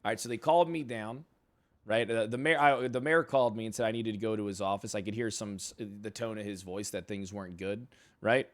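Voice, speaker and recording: A man's voice: fairly low pitch, a little fast. A man streaming in character as a suspended police chief, giving a heated, profane, rambling recap of a meeting. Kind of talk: in-character roleplay storytelling.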